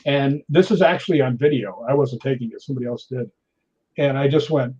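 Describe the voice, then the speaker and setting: Brief: man, 60s, stuntman guest, husky raised voice, animated storyteller, dull lo-fi recording. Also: medium pitch, a little fast. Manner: lively, laughs often, acts out others' lines. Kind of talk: anecdotal storytelling.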